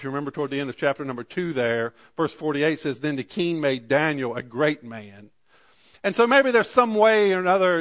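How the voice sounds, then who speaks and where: A man preaching a sermon, reading scripture slowly and dropping his voice for asides. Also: a bit bright. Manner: slows and rises for scripture readings, drops low for asides; archaic scripture readings, repeated "Amen". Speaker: pastor.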